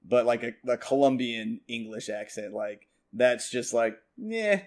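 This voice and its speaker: A man's voice: medium pitch, very animated, a little slow. A young American man from the United States co-hosting a podcast in casual chat, rambling and swearing with lots of fillers. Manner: rambling, profane, with many fillers. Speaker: podcast co-host.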